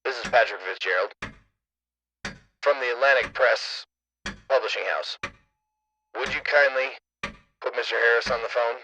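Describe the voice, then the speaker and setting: A man's voice: medium pitch, moderate pace, pauses often, sharp tone, slight background noise, pitched below the performer's own voice, natural voice, low-quality recording. A man reading a publisher calling on the phone, polite and stiff, slipping into a Southern drawl. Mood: insistent. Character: brisk male publisher's clerk on the phone.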